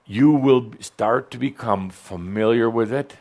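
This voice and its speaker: A man's voice: medium pitch, a little slow, darkish tone. A man giving a playful spiritual talk to a live audience, teasing, joking and leading them in call-and-response. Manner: teasing, joking, often laughing mid-phrase.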